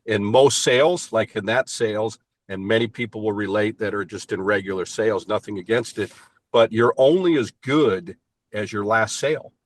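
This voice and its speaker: Low-voiced older man, fired-up motivational talk. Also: moderate pace. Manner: enthusiastic, emphatic motivational talk. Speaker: payments sales team leader. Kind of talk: motivational interview answers. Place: inside a car.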